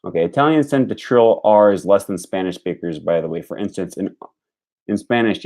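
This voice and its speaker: Young male language learner, deep and warm, thinks aloud and drills phrases. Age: young adult. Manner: repeats phrases aloud, analytical about sounds. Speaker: language learner streaming his study. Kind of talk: live-stream study session, thinking aloud.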